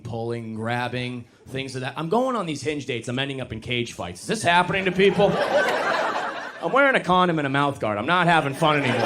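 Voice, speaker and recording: A young man performing stand-up comedy on a club stage, talking casually and poking fun at himself, now and then jumping into high mocking voices. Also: a bit bright. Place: comedy club stage before a live audience.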